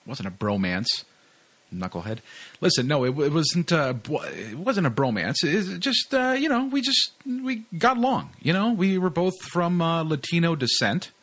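A man's voice: fairly high pitch, sing-song, moderate pace, a bit bright. A man hosting a podcast in casual chat, rambling and laid-back, with lots of fillers. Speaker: podcast host.

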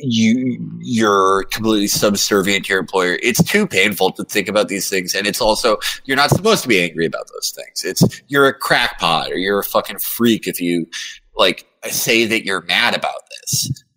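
A man's voice: fairly low pitch, normal speed, bright, forceful tone, low-quality recording. A man talking as a podcast guest in casual chat, rambling with lots of fillers and swearing.

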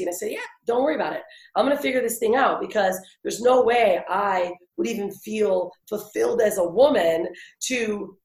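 A woman in her forties telling her life story in an interview, chatty and animated, with many fillers and restarts. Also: mid-range voice, moderate pace, echoey room. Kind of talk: conversational storytelling.

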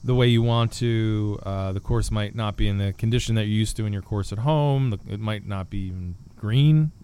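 Brief: male author guest, lowish voice, jokey and rambling, faint background hum. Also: normal speed, mellow. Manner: joking, rambling with restarts. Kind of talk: casual podcast chat.

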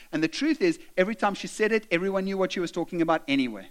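A man with a notably high-pitched voice delivers a sermon in an earnest, direct way. He exhorts his listeners and breaks into chatty asides. He sounds middle-aged. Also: animated, quick pace. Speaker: preacher.

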